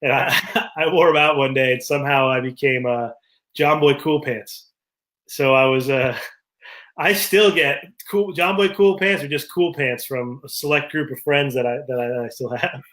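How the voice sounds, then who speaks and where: A man's voice: medium pitch, normal speed, a bit bright. A man co-hosting a casual talk show, easygoing and telling personal stories. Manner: easygoing, tells anecdotes. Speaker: podcast co-host. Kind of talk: casual chat.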